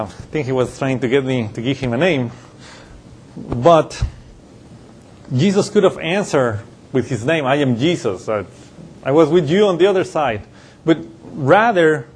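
A man delivers a Bible-teaching sermon in a relaxed, conversational manner, often circling back on his phrases. His voice sits a little high for a man and has a husky edge. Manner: conversational with frequent restarts and chuckles. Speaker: pastor.

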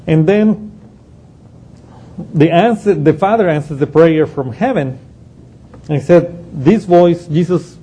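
Husky-voiced man teaching scripture. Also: a little high, takes it slowly, pauses often, mellow. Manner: explanatory, thinking aloud. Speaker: Bible teacher. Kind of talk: unscripted Bible study lecture.

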